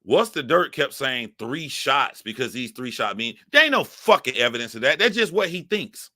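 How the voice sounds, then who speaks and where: A man's voice: medium pitch, big pitch swings, normal speed, pushed and bright, no room sound, studio quality. A man giving heated, profane commentary to his live chat as a streamer. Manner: profane, emphatic ranting.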